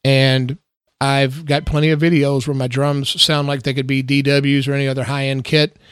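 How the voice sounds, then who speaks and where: A middle-aged drummer chats casually in his home garage, his mid-range voice smooth and level at a moderate pace, with no echo. He's laid-back and self-mocking and laughs often.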